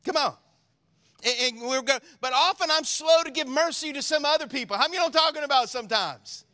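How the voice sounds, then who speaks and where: Here a pastor with a very high-pitched voice preaches at a quick pace. Call-and-response asides engage his congregation as he alternates between soft, solemn reading and loud, excited exhortation.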